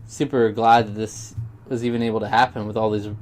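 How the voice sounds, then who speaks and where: A man's voice: lowish voice, flat delivery, fairly quick, a little hiss or hum. Rambling young man vlogging. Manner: rambling, sidetracked, heartfelt. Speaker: YouTuber. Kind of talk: casual vlog monologue.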